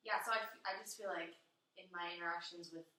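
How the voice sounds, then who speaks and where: A woman's voice: lowish voice, steady tone, quick pace, sharp tone. Young woman in a very echoey room. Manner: thinking aloud, hesitant fillers. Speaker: student teacher. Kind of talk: casual group discussion. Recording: very echoey room, far from the mic.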